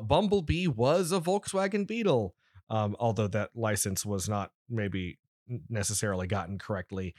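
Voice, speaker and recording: A man's voice: medium pitch, dry recording, studio quality. A man in his thirties hosting a podcast, chatting casually and rambling with lots of restarts and fillers. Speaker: podcast host. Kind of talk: casual nerdy chat.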